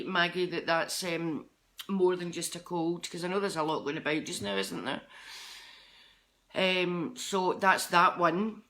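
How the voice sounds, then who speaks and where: A woman's voice: lowish voice, fairly bright tone. A middle-aged Scottish woman, a psychic medium, chatting with viewers on a live stream in a rambling, chatty way. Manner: chatty, rambling, jumps between topics.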